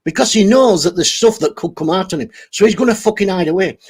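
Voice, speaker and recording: A man's voice: high-pitched, fast, gravelly, breathy edge. A man ranting angrily on a livestream, swearing heavily and over-caffeinated. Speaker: channel host reading live chat. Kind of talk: angry livestream rant.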